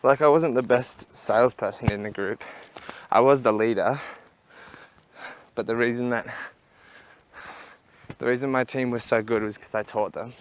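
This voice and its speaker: Walking outside, a young adult vlogger rambles through a casual walk-and-talk, laughing at his own stories. His voice is mid-range and steady, at normal speed with frequent pauses.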